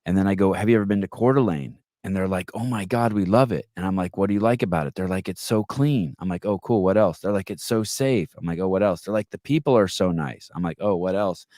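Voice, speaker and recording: A man hosting a podcast, chatting casually and telling stories with quick back-and-forth retorts. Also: low-pitched, dry recording, clean studio sound. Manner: animated storyteller, quick retorts. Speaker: podcast host. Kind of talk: casual chat.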